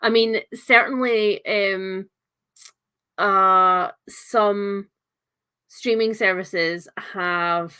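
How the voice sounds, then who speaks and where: A woman's voice: mid-range voice, steady tone, extremely slow, pushed and bright, smooth. A young woman hosting a livestreamed book club discussion, talking in a chatty, enthusiastic way with lots of filler words.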